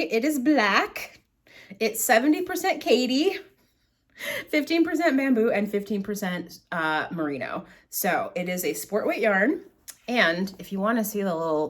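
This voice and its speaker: A woman's voice: mid-range voice, lively intonation, moderate pace. A middle-aged woman hosting her own podcast, chatting in a rambling, self-deprecating way as she tells stories. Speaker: podcast host. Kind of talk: casual chat. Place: at home, in front of bags of yarn.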